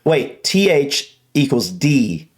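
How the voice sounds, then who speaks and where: A man hosting a casual reaction chat, animated and playfully trying out sounds. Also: mid-range voice, slow. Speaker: reaction channel host.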